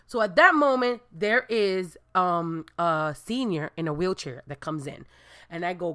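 Animated woman. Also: medium pitch, moderate pace. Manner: animated, expressive, bursts into shrieks and Spanish exclamations. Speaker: storyteller. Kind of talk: comic personal anecdote.

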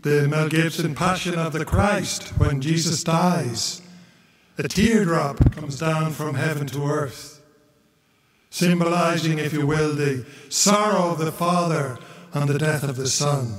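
A male priest giving a homily in a slow, measured way, sometimes chanting the gospel reading. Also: on the high side. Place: church. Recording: echoey church from far off.

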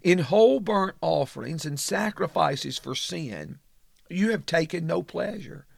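A man delivers a sermon in a high, gravelly voice. He reads scripture slowly and with emphasis. His pitch swoops widely, and the recording is dry and close. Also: animated, no room sound. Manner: slow, emphatic scripture reading with sweeping pitch. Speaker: preacher.

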